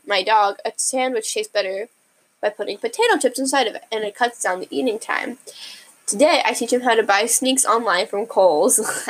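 A woman's voice: on the high side, a bit bright, rough recording. A young woman casually reading funny pet tweets aloud, giggling often and stumbling over words. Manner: giggly, chatty, many fillers and restarts.

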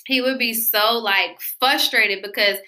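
A woman co-hosting a podcast in casual chat, telling an animated story and swearing freely. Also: a little high, unhurried. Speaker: podcast co-host.

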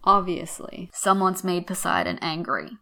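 A woman hosting a podcast lesson, explaining an old text in a wry, chatty way and slowing down to read quotations. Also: on the low side, very animated, pushed and bright. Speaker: podcast host teaching literature.

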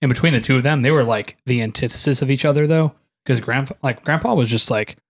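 Dude on a podcast, medium voice, swears a lot, laughs while telling stories, super casual. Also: male voice, medium pitch, fast talker. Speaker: podcast co-host. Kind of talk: casual chat.

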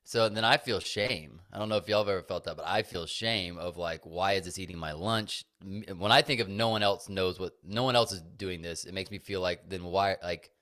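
A man's voice: sits low, fairly quick, hardly any pauses, sharp tone. A man co-hosting a podcast, speaking earnestly and reflectively about his feelings in casual chat. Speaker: podcast co-host.

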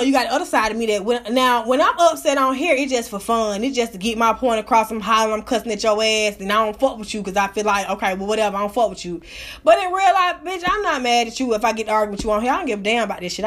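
A woman with a high voice holds forth on a live stream, ranting and cursing as she tells her story. She sounds hyped up and animated, swearing freely throughout. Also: fast. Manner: profane, animated, hype.

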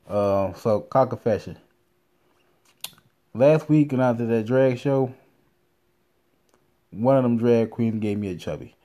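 A man's voice: mid-range voice, takes it slowly, long pauses, warm tone. A young man hosting a podcast from his car, telling crude, profane stories in a loose, rambling way. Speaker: podcast host. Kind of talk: casual profane storytelling.

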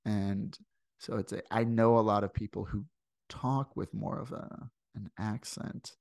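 A man with a Midwestern American accent hosts a podcast in a loose, digressive way, full of fillers. His voice sits low with a gravelly edge. The sound is dry and close. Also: fairly even intonation, measured pace, darkish tone, no room sound. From St. Louis, USA. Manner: rambling, digressive, many fillers. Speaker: podcast host. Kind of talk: casual podcast chat. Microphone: video call.

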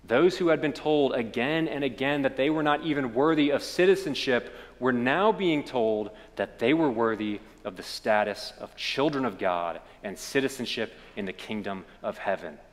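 A male pastor with a Kentucky accent preaching a sermon, telling stories that swell and then drop to a hush. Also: medium pitch, moderate pace, hardly any pauses, long reverb tail. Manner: storytelling preacher, swells then drops to quiet.

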